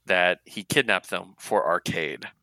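A low, bright-voiced man co-hosts a casual comic book podcast. He talks in an animated, chatty way and sounds close and dry on the mic. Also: a little slow, gravelly, no echo. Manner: animated, laughs often, acts out character lines. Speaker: podcast co-host.

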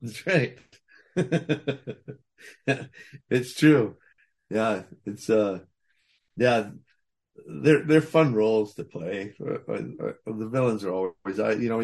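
A man's voice: on the low side, slow, pauses often, a little mellow. This is a man guesting on an interview, speaking casually about his craft. He rambles, circles back with restarts, and breaks into laughter often. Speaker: voice actor guest.

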